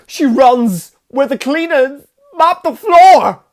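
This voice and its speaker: A man doing an impression of a famous actor as an oddly urgent psychic, with halting, dramatic pauses. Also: very high-pitched, animated, a little mellow, pitched above the performer's own voice, heavily acted.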